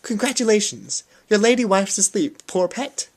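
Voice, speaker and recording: A man's voice: high voice, lively intonation, moderate pace, husky, voice pushed up, exaggerated voice. A man voicing a nervous, chattering nun who works as a nurse in an audiobook reading. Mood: flustered chatter. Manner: nervous, babbling small talk.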